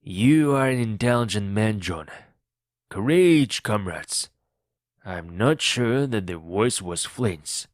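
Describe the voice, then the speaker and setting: A blunt, skeptical pirate deckhand who questions everything, as a man puts him on in a storybook reading. His delivery is low and unhurried, close and dry. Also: animated, dry recording. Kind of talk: audiobook reading for learners.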